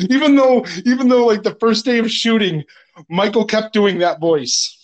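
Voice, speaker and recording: A man's voice: high-pitched, unhurried, highs cut off, a crowd in the background. A man, a film director, chatting casually on a podcast, telling crude anecdotes and laughing often.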